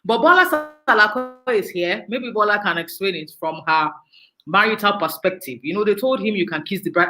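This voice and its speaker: Bright-voiced woman host. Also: medium pitch, low-quality recording. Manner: chatty, laughs often, playful asides. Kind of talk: live online interview hosting.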